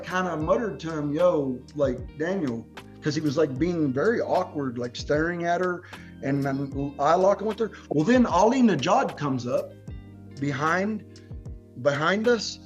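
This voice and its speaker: A man hosting a podcast, telling long rambling stories in slangy talk full of "bro" and swearing. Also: on the high side. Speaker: podcast host. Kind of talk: casual podcast chat.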